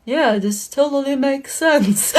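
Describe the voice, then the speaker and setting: A woman with a notably high voice talks in a casual, rambling monologue. Her pitch swings widely as she giggles through her story. She keeps an earnest, confiding tone throughout. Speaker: spiritual channel host. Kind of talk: casual monologue about dreams.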